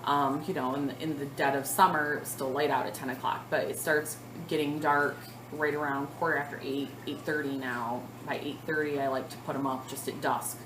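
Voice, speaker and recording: A woman in her thirties telling a long story to the camera in a casual vlog, chatty and animated, with lots of fillers. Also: low-pitched, a little fast, roomy sound, noisy background. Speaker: cross-stitch vlogger.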